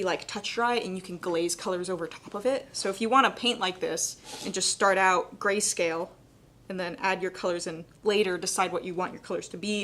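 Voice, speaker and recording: Fast-talking young woman teaching painting. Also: medium pitch, a bit bright. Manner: fast-talking, chatty, laughs often. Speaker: painting instructor. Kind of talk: live painting demonstration.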